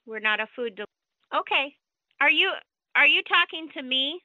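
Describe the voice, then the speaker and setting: A woman's voice: high-pitched, expressive, moderate pace, sharp tone, muffled recording. A woman working as a car rental agent on the phone, polite but stammering and confused. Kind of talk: phone customer service.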